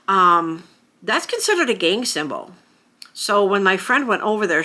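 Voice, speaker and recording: A woman's voice: mid-range voice, pushed and bright. An American woman talking casually to camera as a vlogger, chatty, with frequent fillers and small laughs. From United States.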